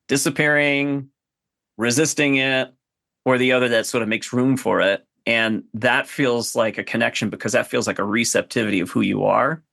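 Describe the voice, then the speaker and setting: A man's voice: mid-range voice, gravelly, pushed and bright, no echo, studio quality. A man hosting and coaching on a podcast panel, talking in a thoughtful, exploratory way with frequent restarts. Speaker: host and coach.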